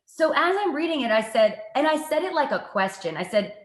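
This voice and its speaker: A woman, a TV reporter, telling stories from her work in a casual interview, lively and self-mocking. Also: high voice, brisk, roomy sound. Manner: lively, animated storytelling with self-mocking asides. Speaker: guest, TV reporter and anchor.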